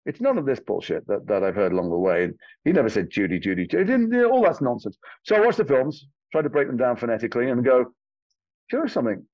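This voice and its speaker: A man's voice: mid-range voice, huge pitch swings, quick pace, hardly any pauses, dry recording, muffled recording. A man from England, an actor, telling stories animatedly in an interview, swearing casually. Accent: Liverpool and London English. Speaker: actor guest. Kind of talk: interview conversation.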